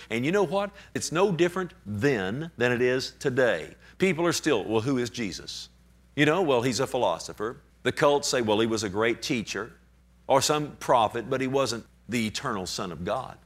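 A man as pastor preaching an emphatic sermon, pushing his voice up and dropping it low for emphasis. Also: a bit bright.

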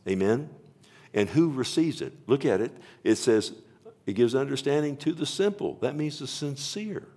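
A man's voice: mid-range voice, lively intonation, warm tone. A man preaching a sermon to a congregation. He stresses scripture and calls out "Amen?" to the listeners. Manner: preaching with rising emphasis, slowing to stress scripture. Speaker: pastor.

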